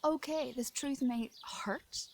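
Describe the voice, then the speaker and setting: This Irish woman, clearly upset, rants and rambles to her camera somewhere in the French countryside, her words occasionally falling to a whisper as birds sing nearby. She speaks slowly in a high, somewhat mellow voice, with slight background noise.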